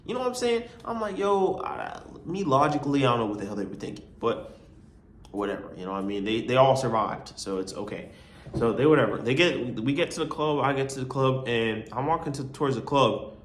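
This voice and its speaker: A man's voice: mid-range voice, expressive, fairly quick. Young male college vlogger, casual slangy storyteller, roomy echo, faint background hum. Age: young adult. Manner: rambling, slangy, full of "you know what I'm saying".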